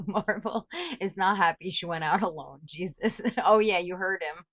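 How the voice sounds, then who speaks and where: A woman's voice: lowish voice, measured pace, a bit bright. A woman co-hosting a casual livestream chat from her home, laughing, swearing and scolding her dogs. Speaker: co-host. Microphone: headphones and desk mic.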